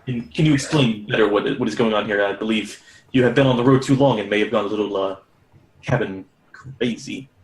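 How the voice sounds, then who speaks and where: A fussy older balding shopkeeper, as a game master voices him greets customers and quickly loses patience. His voice is on the low side, with a roomy echo around it. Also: lightly acted. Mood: polite.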